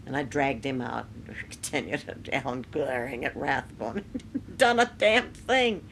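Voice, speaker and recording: An older woman with a low, gravelly voice, recalling stories in an archival interview. She tells them with animation, acting out the voices she quotes, while a faint hiss sits under the tape. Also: normal speed. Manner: animated storytelling with laughs and mimicry. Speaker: radio writer, interviewee.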